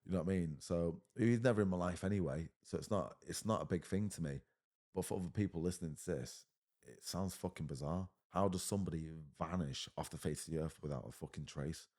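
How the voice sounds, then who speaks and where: A man's voice: deep voice, fairly quick, a little mellow. A man in his thirties with an English accent, talking bluntly as a podcast guest, swearing often and saying mate a lot. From England. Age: 30s. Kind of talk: casual conversation.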